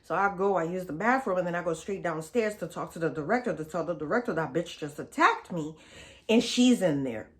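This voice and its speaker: A woman's voice: fairly low pitch, animated, brisk. A woman vlogger telling a storytime in a casual, blunt and profane, chatty way.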